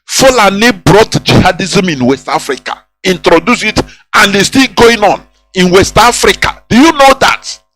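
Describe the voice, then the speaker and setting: A man's voice: high voice, lively intonation, normal speed, fairly bright tone, soft background music, low-quality recording. A man hosting a radio talk show, delivering an impassioned monologue full of repetition and rhetorical questions. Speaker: radio host.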